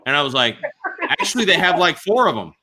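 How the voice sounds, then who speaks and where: A man's voice: fairly high pitch, quick pace, noisy background. A man hosting a casual livestream, telling stories with lots of animation. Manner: animated storyteller. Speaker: livestream host. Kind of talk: casual chat.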